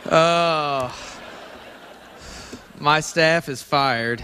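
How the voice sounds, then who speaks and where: A man's voice: fairly high pitch, extremely slow, sharp tone, a little hiss or hum. A man giving a wry, self-deprecating after-dinner speech as a congressman.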